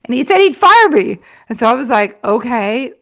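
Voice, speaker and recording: A woman's voice: high-pitched, sing-song, a little fast, creaky. Chatty woman telling a story. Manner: chatty, laughing, many "like" fillers. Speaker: money mindset coach, guest. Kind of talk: casual interview storytelling.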